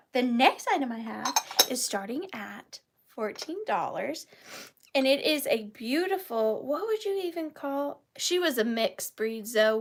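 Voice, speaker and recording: A woman's voice: on the high side, vocal fry. A woman hosting a live online vintage sale, chatting casually and rambling with playful wordplay. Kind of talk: casual live-stream chat.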